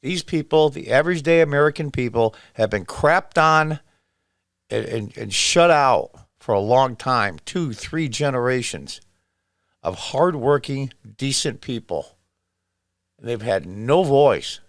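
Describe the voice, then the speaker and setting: A man in his sixties from upstate New York, talking in a forceful, repetitive commentary style and reacting loudly to what he shows. His voice sits in a middle pitch. The sound is dry and close, with no room around it. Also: expressive, a little slow, dry recording. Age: 60s. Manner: emphatic, repetitive, exclaims over footage. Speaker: political commentator. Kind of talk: casual political commentary.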